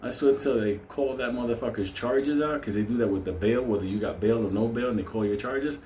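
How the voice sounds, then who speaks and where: This fast-talking man has a medium-pitched voice and tells profane, laughing stories as a channel host in a casual monologue. His delivery is animated, and the echoey room carries faint ambience and slight background noise.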